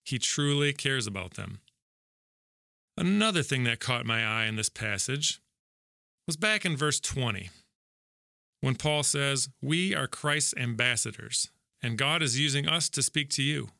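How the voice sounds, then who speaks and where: Bright earnest man reading scripture. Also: medium pitch, expressive, unhurried, vocal fry, dry recording, studio quality. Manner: conversational, earnest, lightly joking. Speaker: devotional speaker. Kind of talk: Bible reading and devotional reflection.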